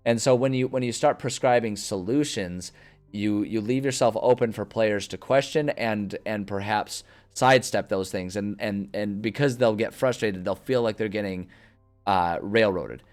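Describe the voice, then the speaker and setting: A man's voice: fairly low pitch, normal speed. A streamer thinking aloud in casual chat as he plans a story, rambling with many fillers and restarts. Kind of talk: casual livestream chat about story planning.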